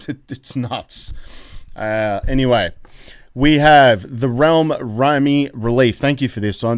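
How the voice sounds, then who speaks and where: An Australian man hosts a live crypto stream and reacts to the chat in an excitable, rambling way. His voice is smooth and clear, at a middling pitch. The sound is close and dry. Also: dry recording. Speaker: crypto YouTube host.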